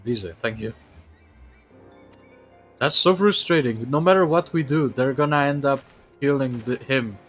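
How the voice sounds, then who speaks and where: A man chatting casually while streaming a video game, rambling with plenty of fillers and false starts. His voice is of middling pitch, with light game music underneath. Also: measured pace, long pauses. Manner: rambling, full of fillers and restarts. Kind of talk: casual gaming commentary.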